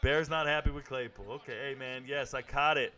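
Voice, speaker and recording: A man's voice: medium pitch, steady tone, fairly quick, bright, forceful tone, faint music behind. Laid-back man riffing on a livestream. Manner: laid-back, joking, reads and answers chat. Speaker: livestream host. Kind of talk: casual livestream commentary.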